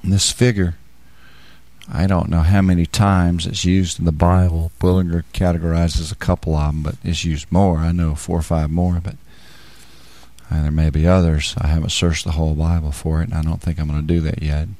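A man giving a sermon, explaining scripture with homely examples and rising into loud, fervent preaching. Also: flat delivery, moderate pace, no room sound. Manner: builds to loud, high-pitched fervent preaching. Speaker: Bible teacher.

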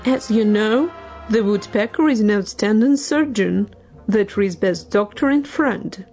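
A woman's voice: measured pace, darkish tone, breathy edge, soft background music. Old raven academician: throaty, formal, solemn speaker, read by a woman. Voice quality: low and throaty. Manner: formal, speech-making.

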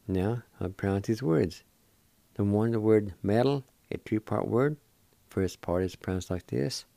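A man's voice: on the low side, normal speed, gravelly, warm tone, dry recording. A man hosting a radio language lesson, spelling words out and pronouncing them carefully, syllable by syllable, with repeats. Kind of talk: slow spelling and pronunciation lesson.

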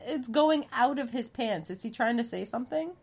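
A woman's voice: fairly high pitch, animated, moderate pace, creaky, a crowd in the background. A woman chatting casually and crudely while commenting on a movie, laughing often and rambling. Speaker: co-host of a movie watch-along.

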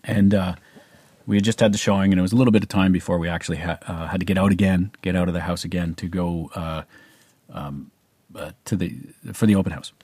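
A man's voice: low-pitched, steady tone, quick pace, darkish tone, slightly rough, no echo. A middle-aged man with a Canadian accent, telling a personal story in a casual, rambling way with many fillers and restarts. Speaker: vlogger.

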